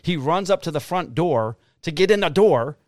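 A middle-aged man, a police officer, telling a story in a casual, profane, animated way. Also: on the high side, moderate pace, dry recording, studio quality.

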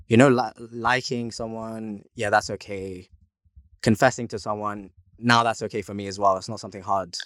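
A young man talking in a casual podcast chat, halting often and restarting his sentences. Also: fairly low pitch, a bit bright, dry recording. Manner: halting, many fillers and restarts. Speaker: podcast co-host.

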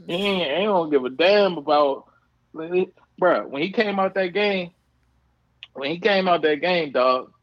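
A man's voice: high-pitched, a little slow, no echo, highs cut off. A man co-hosting a casual sports chat, emphatic and slangy, often repeating himself for effect. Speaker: sports podcast co-host.

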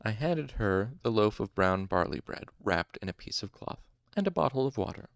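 A man's voice: on the low side, sing-song, moderate pace, gravelly, no echo, clean studio sound. A man reading a novel aloud expressively, with occasional asides and self-corrections. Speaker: audiobook narrator.

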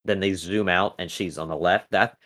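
A podcast co-host with a low, slightly bright voice chats casually while reviewing a TV episode, speaking at normal speed with fairly even intonation. He rambles, full of fillers like "um" and "like," and keeps restarting his sentences.

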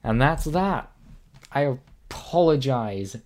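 A man's voice: mid-range voice, lively intonation, takes it slowly. A man co-hosting a casual podcast from home on a voice call, rambling with fillers and swearing. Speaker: podcast co-host. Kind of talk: casual chat.

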